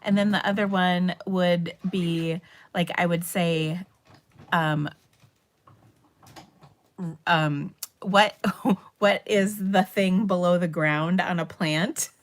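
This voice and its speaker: A woman's voice: on the low side, steady tone, slow pace, pauses often. Chatty Minnesotan woman hosting a craft stream. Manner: chatty, rambling, with frequent laughs and fillers. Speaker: papercraft livestream host. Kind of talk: casual livestream chat.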